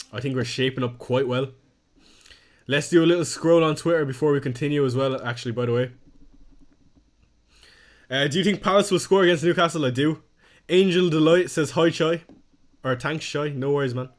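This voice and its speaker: Young male streamer, casual self-deprecating chat, mid-pitched voice. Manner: chatty, self-deprecating, reads chat aloud. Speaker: fantasy football streamer. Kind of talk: casual live-stream chat reading viewer comments.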